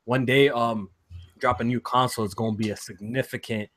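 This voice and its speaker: A man's voice: medium pitch, steady tone, a little fast, no echo. Slangy man hosting a gaming podcast. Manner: slangy, loud hype when joking. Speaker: podcast host. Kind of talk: casual gaming podcast chat.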